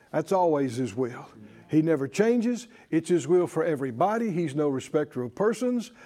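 A man with a high-pitched, mellow voice preaches at a church service. He is emphatic and leads the congregation in call-and-response.

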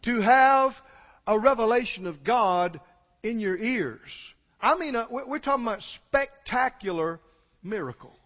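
A man's voice: very high-pitched, lively intonation, measured pace, fairly bright tone. A man preaching a sermon with passion, asking his listeners questions and rising to exclamations. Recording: dull lo-fi sound with long hall reverb.

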